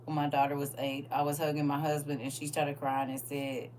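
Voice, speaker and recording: A middle-aged woman hosting a livestream, telling family stories in a lively, laughing, colloquial way. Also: low voice, fairly quick. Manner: animated, laughing, colloquial storyteller who talks straight to viewers. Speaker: livestream host. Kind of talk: casual storytelling chat. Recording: distant mic with faint hum.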